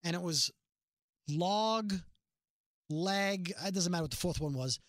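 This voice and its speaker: This studio-quality, dry recording features a middle-aged podcast co-host with a fairly low voice who speaks at a measured pace. In a casual chat, she tells stories in an animated, emphatic way.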